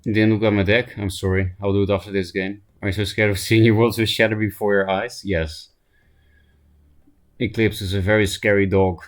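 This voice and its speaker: A man streaming a card game, thinking aloud and mocking himself, hoarse from laughing and often clearing his throat. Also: on the low side, level tone, fairly quick. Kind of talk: casual gameplay commentary.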